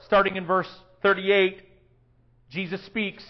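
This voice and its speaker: A man preaching a sermon, swinging from hushed, quiet lines to loud, emphatic ones. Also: high-pitched, flat delivery, slow, dull audio.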